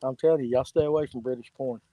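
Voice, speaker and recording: A man's voice: mid-range voice, fairly even intonation, fast talker, no echo, phone-quality sound. A man, trading bawdy jokes in casual banter as a fishing show host. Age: 50s. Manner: joking, bawdy, drawling.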